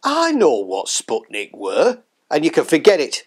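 A man's voice: fairly high pitch, huge pitch swings, a little slow, breathy edge, exaggerated voice. A man doing a blunt Yorkshire old-timer. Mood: grumbling. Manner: blunt, bossy, grumbling. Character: gruff old northern English patriot, stubborn. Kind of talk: satirical sketch comedy.

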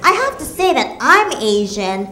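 A woman from the United States performing a stand-up comedy set with playful, deadpan asides. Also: high voice, unhurried, a crowd in the background. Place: comedy club stage. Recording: roomy club with audience laughter. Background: audience laughter.

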